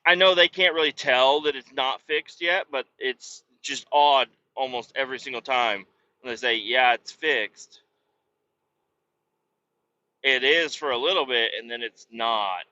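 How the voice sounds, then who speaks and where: Cursing trucker, bright and lo-fi. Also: male voice, medium pitch, normal speed. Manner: rambling, profane, curses at his truck. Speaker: truck driver. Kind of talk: casual vlog while driving. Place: truck cab on the road. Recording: dull lo-fi sound.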